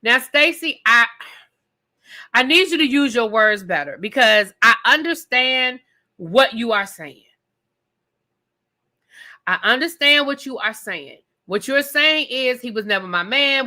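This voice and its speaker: A woman reviewing a reality TV episode in a blunt, profane, animated rant. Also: fairly high pitch.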